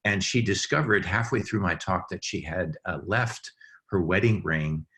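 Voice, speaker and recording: Low-voiced man, earnest webinar speaker on a video call, halting with fillers. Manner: warm, earnest, many ums and uhs, chuckles. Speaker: webinar speaker for camp professionals. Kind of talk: heartfelt talk to an online audience.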